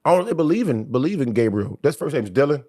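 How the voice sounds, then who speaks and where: A man's voice: mid-range voice, big pitch swings, fast talker, dark tone. A man co-hosting a casual sports podcast, joking and swearing freely, slipping into mock preaching. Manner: joking, profane, slips into a mock preacher prayer. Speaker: podcast co-host.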